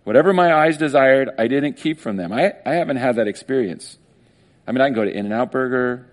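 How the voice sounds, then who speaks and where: A male pastor preaching a casual sermon, animated and conversational, often acting out little quoted voices. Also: mid-range voice, fairly quick.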